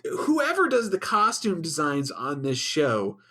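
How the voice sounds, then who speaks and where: A man's voice: a little high, wildly swooping pitch, unhurried, pushed and bright, breathy edge. A man co-hosting a podcast, blunt and scathing with lots of swearing. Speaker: podcast co-host. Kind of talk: casual chat.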